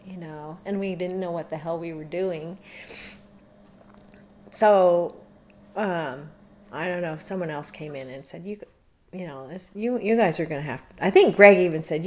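A woman's voice: lowish voice, normal speed. Chatty woman telling an old story. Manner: chatty, rambling, laughs often. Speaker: interviewee. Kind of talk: casual storytelling.

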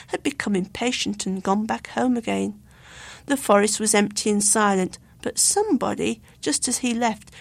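Woman storyteller, slightly high voice, gravelly edge, dry close recording, expressive reading. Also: no room sound. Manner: clear expressive narration.

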